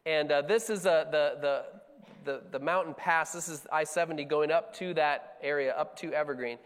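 A man's voice: on the high side, moderate pace, clean tone, long reverb tail. A man from Colorado, a pastor teaching a sermon in a casual, conversational way. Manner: casual, conversational, with frequent fillers and restarts.

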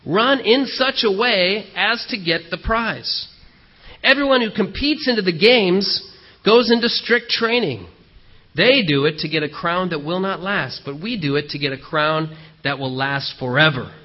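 A man delivers a sermon in a fairly high voice, telling stories in an animated, conversational way with frequent fillers. The church recording sounds dull and lo-fi. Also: a little slow. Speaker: pastor.

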